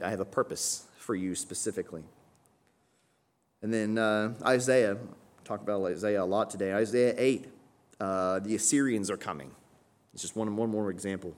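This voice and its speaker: A man preaching a sermon in a conversational teaching manner, often tagging points with a questioning aside and lifting his voice on key phrases. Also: on the low side. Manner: conversational teaching, frequent "right?" tags, rising emphasis on key phrases.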